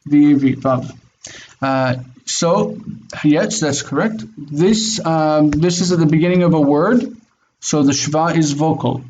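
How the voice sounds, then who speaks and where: A man teaching a Biblical Hebrew class over a video call, drilling pronunciation slowly and patiently. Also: a little high, a little mellow, rough recording. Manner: slow, careful pronunciation drills.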